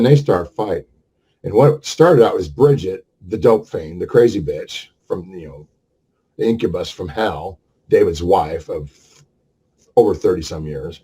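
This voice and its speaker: A man's voice: on the low side, dark tone, breathy edge. Man telling a profane, heated story. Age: 60s. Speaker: vlogger. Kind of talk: casual storytelling rant.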